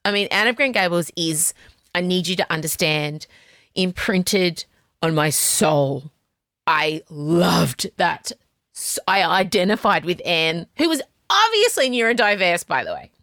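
An Australian woman in her forties hosts a late-night podcast from her home wardrobe. Her voice sits low but swings widely in pitch as she rambles from one tangent to the next. The sound is close and dry, with no room echo. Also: sing-song, a bit bright. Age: 40s. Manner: scattered, rambling, quick tangents and laughter. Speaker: podcast host. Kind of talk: casual chatty podcast intro. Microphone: home mic on a video call.

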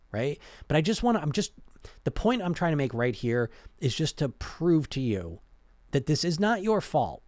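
A man's voice: on the high side, big pitch swings, moderate pace, a little mellow, no echo. A man giving a casual motivational talk as a weight-loss coach, conversational, restarting and repeating words as he goes. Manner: conversational, keeps asking "right?" and "you know?".

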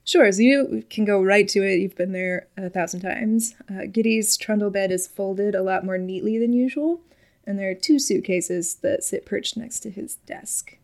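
A woman's voice: medium pitch, normal speed, vocal fry. A woman running a tabletop role-playing game as game master, narrating scenes with wry, descriptive storytelling.

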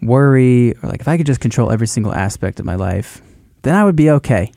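A man co-hosting a casual faith podcast, talking in halting restarts as he thinks aloud. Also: medium pitch, lively intonation, creaky, dark tone, dry recording, studio quality. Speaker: podcast co-host.

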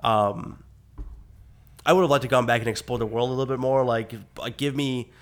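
A man chatting casually as a podcast co-host, his voice rough from being sick, rambling with lots of fillers and easy swearing. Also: mid-range voice, fairly even intonation, a little fast. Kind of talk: casual chat.

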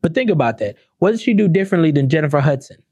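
Husky and dark-toned, she talks rapid-fire and very animatedly in a clean studio recording without echo. As the host of her own podcast, she unleashes a blunt, sarcastic, expletive-filled rant full of rhetorical questions, jumping from high exclamations to low, dropped asides.

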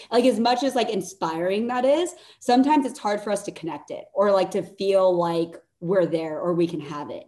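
A woman at a middle pitch speaks as a podcast guest in a casual motivational chat. She sounds energetic and blunt, using swear words for emphasis as she urges listeners to act.

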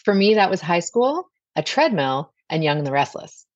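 A woman's voice: fairly low pitch, sing-song, moderate pace, muffled recording, background noise. A woman in her forties, a pediatrician guest, talking earnestly in a casual podcast chat. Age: 40s. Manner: earnest, chatty.

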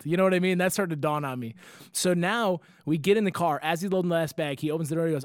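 Animated young man telling a story. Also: a little high, fast talker, dry recording, studio quality. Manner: animated storyteller, swears freely, acts out other people's lines. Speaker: podcast host. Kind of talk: casual chat.

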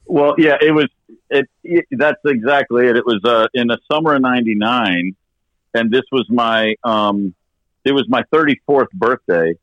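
A man's voice: mid-range voice, moderate pace, fairly bright tone, no room sound, highs cut off. A man in his fifties, a rock drummer guesting on an interview, telling a story animatedly and swearing casually. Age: 50s.

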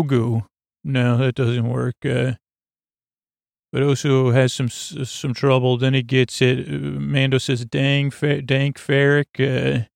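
A man's voice: gravelly, a little mellow, dry recording, studio quality. A man hosting a sleep podcast, recapping an episode in a rambling, meandering way with many fillers and self-corrections. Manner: low-key, drifting and digressive. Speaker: podcast host.

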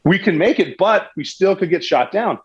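Man, husky, slightly high voice, animated storyteller, dull lo-fi sound. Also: normal speed. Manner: animated, with restarts and sports analogies. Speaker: guest recounting a military raid. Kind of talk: conversational storytelling.

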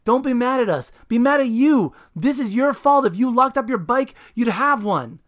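A reader voicing an indignant teenage boy yelling back at an adult. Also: medium pitch, lively intonation, moderate pace, pitched above the performer's own voice, natural voice. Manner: yelling, defiant.

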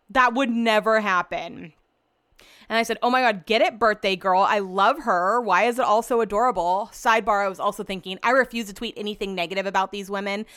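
A young woman chats alone on her podcast, bubbly and gushing, with "like" and "um" scattered all through. Her voice is medium in pitch, with a fairly bright, clean tone.

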